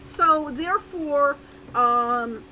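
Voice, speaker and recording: Older female game designer, high bright voice, casual anecdotes, faint hiss. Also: rough recording. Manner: quick affirming interjections, storytelling. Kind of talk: casual dev chat.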